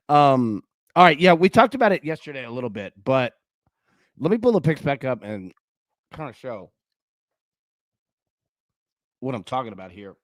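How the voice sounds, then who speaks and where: A young man talks through a live sports-betting show with a pitch that bounces up and down. His delivery is chatty and animated, full of "dude" and "man". The sound is close and dry with no room around it. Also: fairly quick, no room sound. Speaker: host.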